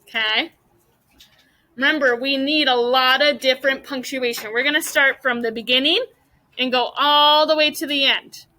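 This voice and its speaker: A woman's voice: sits high, fairly even intonation, moderate pace, bright, forceful tone, low-quality recording. A woman teaching a classroom mini lesson, patiently walking students through each step with guiding questions.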